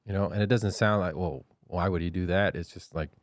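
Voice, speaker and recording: A man's voice: low voice, fairly quick. A man co-hosting a comedy podcast, chatting casually in a laid-back, easily amused way. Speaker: podcast co-host.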